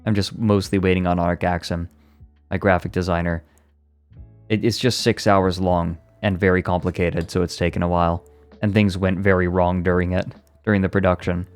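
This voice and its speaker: Low-voiced man reading to his stream. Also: little pitch movement, normal speed, clear, resonant tone, soft background music. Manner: swears and laughs at the text, chatty. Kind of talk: reading a book aloud, then casual chat.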